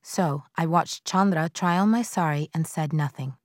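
A woman narrating a novel in the first person, in a measured, quiet storytelling manner. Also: low voice, dry recording, studio quality. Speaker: audiobook narrator.

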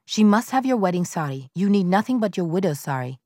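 A woman reading aloud, voicing a harsh older mother-in-law who scolds in a shrill, raised voice. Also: big pitch swings, a little fast, dark tone, no room sound, clean studio sound. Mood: commanding.

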